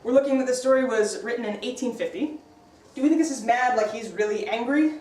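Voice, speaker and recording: Upbeat teacher in an echoey classroom. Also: female voice, fairly high pitch, darkish tone, far from the mic, a little hiss or hum. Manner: brisk, upbeat, quizzing students. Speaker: English teacher.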